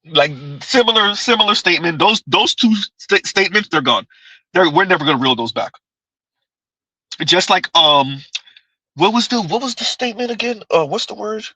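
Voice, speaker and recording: A man's voice: high voice, lively intonation, moderate pace, sharp tone, no room sound, poor audio. A man casually chatting on a livestream, reading viewers' comments aloud, rambling and repeating himself with frequent laughs. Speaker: livestream host.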